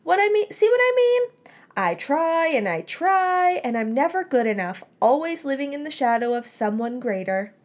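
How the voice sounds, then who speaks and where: A woman's voice: high voice, big pitch swings, normal speed, pitched above the performer's own voice. A woman voicing a teenage boy wizard who is wry and teasing, with a dry, joking, mock self-pitying manner.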